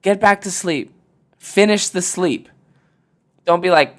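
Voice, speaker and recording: A man's voice: high voice, slow, long pauses. Profane, jokey young man giving advice. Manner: profane, blunt, jokey, animated bursts. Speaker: podcast host. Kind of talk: casual advice chat. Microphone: podcast mic.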